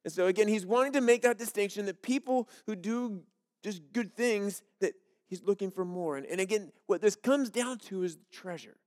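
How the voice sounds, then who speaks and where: A man's voice: high voice, moderate pace, darkish tone, in a large hall. A male pastor giving a sermon, earnest and repetitive, with joke illustrations. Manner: earnest, repeats key phrases, tells jokes as illustrations.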